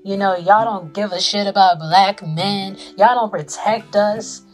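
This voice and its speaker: A woman's voice: mid-range voice, steady tone, a little slow, faint music behind, close to an everyday voice. A woman voicing an angry, aggressive man on a train who curses and rants as she retells a story. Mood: bitter. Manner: cursing, ranting.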